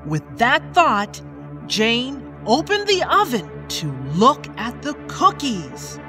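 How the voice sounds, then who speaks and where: A woman narrating a children's story in a slow, expressive read-aloud manner. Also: sits high, music in the background.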